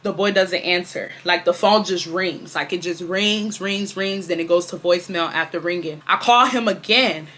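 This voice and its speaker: Dramatic bright-voiced young woman storyteller. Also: lowish voice, normal speed, hardly any pauses, a little hiss or hum. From Houston, Texas. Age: 20s. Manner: dramatic, animated, swears freely, addresses viewers as y'all. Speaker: storytime vlogger. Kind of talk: casual storytelling to camera.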